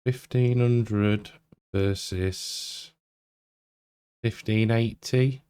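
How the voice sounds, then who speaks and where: A man's voice: deep voice, animated, takes it slowly. A man from England giving casual, rambling commentary while playing a farming game, chatty and self-deprecating. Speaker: gaming channel host. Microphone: desk mic with headphones.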